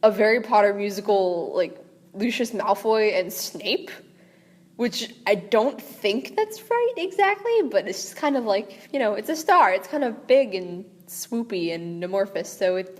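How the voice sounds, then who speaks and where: Young woman rambling between read passages. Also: mid-range voice. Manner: rambling, giggly asides. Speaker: amateur audiobook reader. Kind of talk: reading aloud with casual commentary. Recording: echoey room with long reverb.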